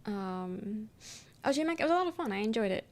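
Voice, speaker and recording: A woman's voice: mid-range voice, animated, fairly quick, a little hiss or hum. A young adult woman streaming and chatting casually with her viewers, reading their messages aloud and rambling with lots of "um" and "like" and casual swearing. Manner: rambling, filler-heavy, swears casually, frequent "um".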